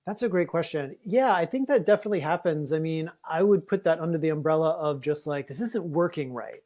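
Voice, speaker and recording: A man's voice: a little high, expressive, fairly quick, a little mellow. A man being interviewed about his writing, chatty with many fillers and restarts. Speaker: guest author. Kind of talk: casual interview talk.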